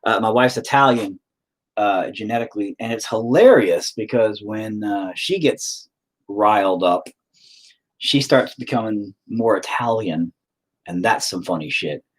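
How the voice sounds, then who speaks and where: A man's voice: lowish voice, measured pace. A man with a rural Southern US accent, chatting casually while he paints, rambling, profane and self-mocking. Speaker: painting video host.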